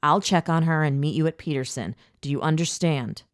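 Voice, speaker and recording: A man's voice: fairly high pitch, no echo, studio quality, natural voice. A woman doing a clipped, urgent brother on the phone. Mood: urgent, commanding. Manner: rushed and clipped. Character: urgent curt young man on a phone.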